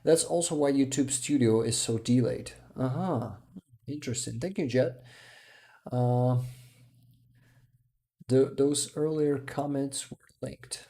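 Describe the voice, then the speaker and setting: Tired male streamer, mellow low-key voice with gravel, reading chat in a halting way. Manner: hesitant, halting, full of restarts, with soft chuckles. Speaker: livestream host. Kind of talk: casual livestream chat, reading viewer comments.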